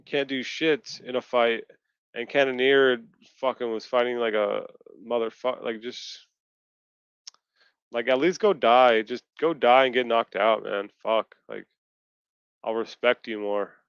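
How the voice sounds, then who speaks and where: A man's voice: mid-range voice, slow, clear, resonant tone, no room sound, highs cut off. A man on a casual video-call chat, ranting and swearing in frustration. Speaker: podcast co-host. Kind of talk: casual post-fight chat.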